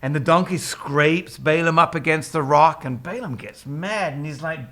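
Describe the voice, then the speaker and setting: A man retelling a Bible story in a casual, animated way, laughing often and breaking into character voices. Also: a little high, moderate pace, few pauses.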